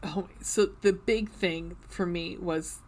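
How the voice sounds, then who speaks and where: A woman's voice: lowish voice, fairly even intonation, slow, a little mellow. A woman co-hosting a book club podcast, chatting casually, breaking off with laughs and restarting her sentences. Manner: chatty, full of fillers and restarts, laughs while reading. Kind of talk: casual chat and reading aloud.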